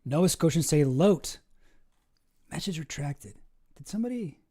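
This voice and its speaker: A man's voice: a little high, lively intonation, normal speed, warm tone. A young Canadian man with a Canadian accent, chatting casually on a live stream and answering his chat, rambling with lots of fillers and restarts.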